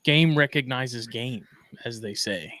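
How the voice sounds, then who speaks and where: A man's voice: medium pitch, measured pace, a bit bright, no echo. A man co-hosting a casual podcast, talking in a laid-back, drawling way and reading news items aloud. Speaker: podcast co-host.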